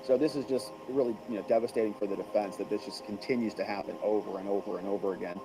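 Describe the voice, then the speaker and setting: A man's voice: fairly low pitch, steady tone, quick pace, background noise. A man giving casual commentary on trial testimony, relaying courtroom exchanges in a conversational way and adding his own opinions.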